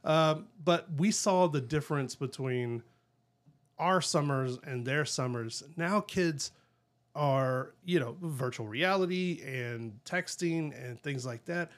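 A man's voice: fairly high pitch, takes it slowly. Chatty middle-aged man. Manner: chatty, laughs easily, rambling storyteller. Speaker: podcast co-host. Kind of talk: casual chat.

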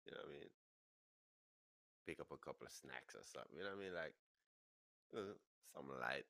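A man with a New York accent, a podcast host telling a wild story, laughing as he goes and pitching his voice way up when he quotes people. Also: lively intonation, fairly quick, vocal fry, pushed and bright, dry recording. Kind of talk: animated storytelling.

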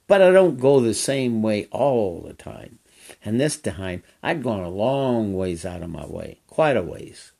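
A man's voice: fairly low pitch, a little mellow. An older man who works as a horseback trail guide, telling a story in a folksy, rambling way and repeating phrases. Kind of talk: casual storytelling.

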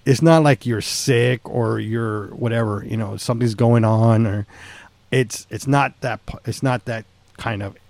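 A man's voice: medium pitch, a little slow, vocal fry, a little mellow, no echo. Man, podcast co-host, casual chat, rambling, laughs a lot, dry mic. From San Antonio, Texas. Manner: laid-back, rambling, laughs often.

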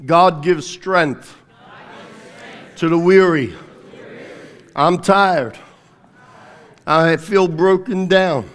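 High voiced preacher guy, clear smooth tone, fervent sermon, has the crowd repeat lines back. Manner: fervent, emphatic preaching, swinging between loud declarations and quieter teaching; leads the congregation in call-and-repeat phrases. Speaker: pastor.

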